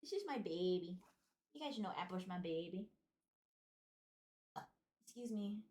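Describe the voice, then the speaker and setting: A woman's voice: fairly low pitch, lively intonation, unhurried, a little mellow, far from the mic. A young woman streaming from her room at home, chatting casually, mocking herself and swearing a lot. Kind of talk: casual live-stream chat. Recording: roomy sound, voice off-mic at times.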